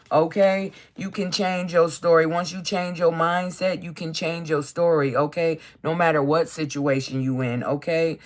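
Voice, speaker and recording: A card reader hosting a live stream, chatting casually and encouragingly, reading affirmation cards aloud slowly and tagging nearly every sentence with "okay?". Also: medium pitch, fairly even intonation. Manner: reads affirmations aloud slowly, then riffs on them.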